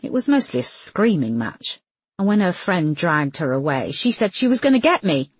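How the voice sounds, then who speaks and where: A grieving young mother, tense and defensive, as a woman narrator puts her on. Her husky voice climbs high when she protests and swings widely in pitch. The recording is close and dry. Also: sing-song, normal speed, no echo. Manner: emotional, higher and louder.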